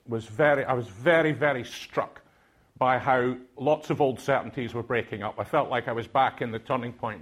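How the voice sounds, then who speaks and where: Older Scottish man, husky, mid-pitched, hesitant conference speaker. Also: a bit bright. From Aberdeen, Scotland. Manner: hesitant, many filler sounds and restarts. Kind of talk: reflective speech to a conference audience.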